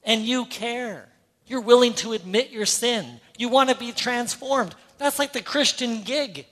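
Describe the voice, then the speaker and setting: High-voiced Canadian pastor preaching. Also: male voice, measured pace, pushed and bright. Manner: earnest, conversational, with playful asides. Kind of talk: sermon. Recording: hall reverb.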